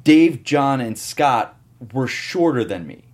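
A man's voice: medium pitch, animated. A man hosting a casual panel chat, telling stories and acting out what people said. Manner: quick, chatty storyteller who acts out quotes. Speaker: podcast host.

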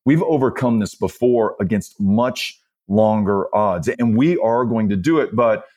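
Earnest man, low voice. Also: a little slow, a little mellow. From Texas. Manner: earnest storyteller, laughs easily. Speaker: guest, political candidate. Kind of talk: podcast conversation.

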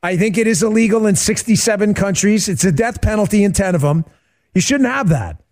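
A middle-aged man hosting a radio talk show, chatting casually and answering listener questions as an animated, joking storyteller. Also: high-pitched, a little fast. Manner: animated, joking storyteller who acts out quotes.

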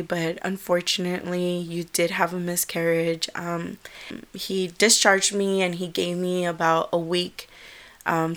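Young woman, lowish steady voice, earnest first-person storytelling, halting with restarts.

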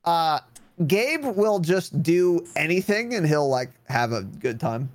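Profane, lively young podcast guy. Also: a little high, slow pace, dry recording. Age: 20s. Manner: blunt, profane and teasing. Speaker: podcast co-host. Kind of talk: casual chat.

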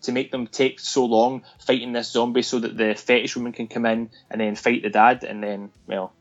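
A man excitedly recounting a zombie film's scenes and dropping into the characters' voices as he goes. The audio is a bit dull and lo-fi, with faint music underneath. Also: mid-range voice, normal speed. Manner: animated retelling with laughs, acting out lines. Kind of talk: casual film discussion.

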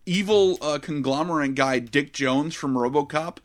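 A man co-hosting a casual movie podcast, retelling scenes in an excitable, profane way. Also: fairly high pitch, normal speed, background noise. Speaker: podcast co-host. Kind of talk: casual movie review chat.

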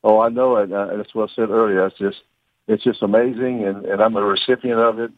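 An older man, calling in to a radio show, cheerful and earnest with halting speech. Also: on the low side, fairly even intonation, no room sound. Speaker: caller. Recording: tinny phone line.

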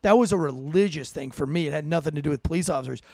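Podcast host, male, ex-cop, high gravelly voice, casual and profane, dry close sound. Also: very fast, darkish tone, no echo. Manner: loose, profane, joking. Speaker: podcast host, former police officer. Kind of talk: casual chat and host-read ad.

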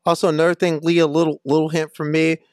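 A man's voice: on the high side, monotone, fast, no echo, clean studio sound. Supportive man hosting an interview. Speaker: host. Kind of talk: casual interview.

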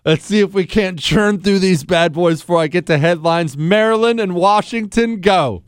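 A man's voice: sits high, moderate pace, smooth, no echo, clean studio sound. A man hosting a call-in talk show, taking calls and reading headlines with sarcastic asides. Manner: wisecracking, laughs often, sarcastic asides. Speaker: radio talk show host.

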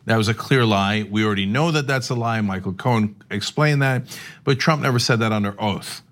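A man's voice: on the low side, a little fast, a bit bright. A male podcast host in casual political chat, explaining at length with sarcastic asides. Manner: explanatory, sarcastic, acts out quoted speech.

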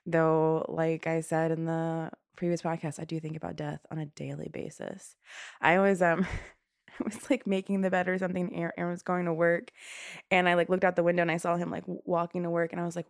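A woman's voice: on the low side, a little fast, dry recording, clean studio sound. A young woman with a stuffy nose hosting a podcast, chatting candidly and rambling, a little winded. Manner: candid, rambling, swears freely. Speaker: podcast host. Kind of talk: casual chat.

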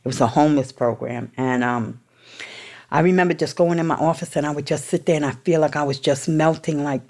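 A woman's voice: deep voice, fairly even intonation, moderate pace, darkish tone. A middle-aged woman from New York, a guest telling her own story in a blunt, swearing, streetwise way. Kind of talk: candid storytelling.

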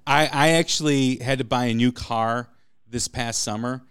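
A man hosting a podcast interview, chatting casually and telling animated stories. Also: mid-range voice, moderate pace, smooth, no room sound, clean studio sound. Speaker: podcast host.

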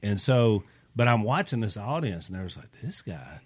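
A man hosting a podcast, telling an anecdote in a casual, animated way. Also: lowish voice, a little fast. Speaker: podcast host. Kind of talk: casual storytelling chat.

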